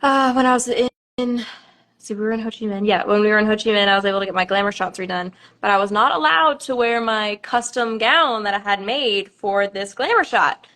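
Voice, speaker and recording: A woman in her twenties talks casually to viewers on a livestream. She speaks in a halting way, full of ums and small nervous laughs. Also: mid-range voice, sharp tone. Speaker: pageant contestant.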